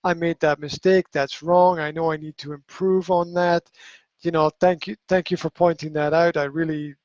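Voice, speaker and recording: A man in a casual live podcast chat, his voice a touch higher than usual. He talks emphatically, swears freely and restarts sentences often, recorded close and dry on a dull, lo-fi livestream feed. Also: little pitch movement, moderate pace, no room sound. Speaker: podcast host.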